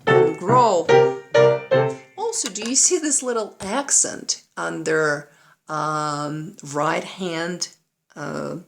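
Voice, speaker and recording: A woman's voice: low voice, expressive, slow pace, gravelly, a bit bright. A woman piano teacher giving a play-along lesson, patiently explaining and counting rhythms aloud, with a piano playing behind her. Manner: patient, checks in with "right?" often; counts and sings rhythms aloud while demonstrating. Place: room with a piano.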